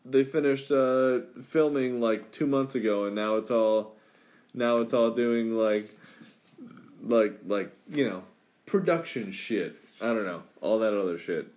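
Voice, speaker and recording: A man's voice: medium pitch, measured pace, a little mellow. Rambling easygoing podcast guy. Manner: rambling, lots of fillers and restarts. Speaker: podcast co-host. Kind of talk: casual chat.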